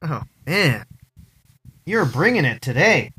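A man's voice: on the high side, very animated, slow pace, sharp tone, breathy edge. A man co-hosting a comedy podcast, chatting loosely and joking with his co-host. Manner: loose, rambling, jokey. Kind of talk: casual comedy podcast chat.

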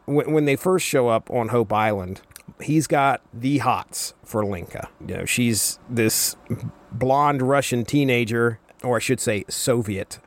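A man hosting a solo podcast, giving a chatty, wry comic book review with light laughs. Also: medium pitch. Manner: chatty, wry, quotes characters in passing with little laughs. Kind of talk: casual solo commentary.

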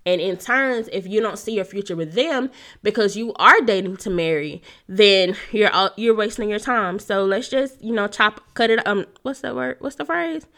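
A young woman talks through dating advice in an easygoing, chatty way, laughing often and leaning on "you know." Her nose is stuffed up, yet her voice stays bright and sharp-edged at a middle pitch. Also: moderate pace. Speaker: podcast host giving dating advice. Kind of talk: casual solo talk.

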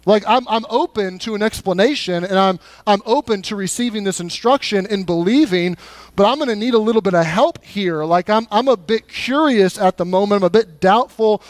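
A man's voice: sits high, a little fast, no echo, natural voice. A man doing a puzzled, skeptical young woman. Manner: casual, hesitant, stumbling.

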